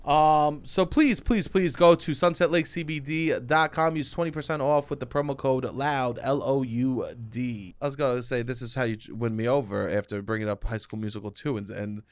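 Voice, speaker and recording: A young man with a New York accent, co-hosting a podcast in loud, joking banter and reading ads. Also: mid-range voice, steady tone, moderate pace, hardly any pauses, clear, resonant tone. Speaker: podcast co-host. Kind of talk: casual podcast banter and ad read.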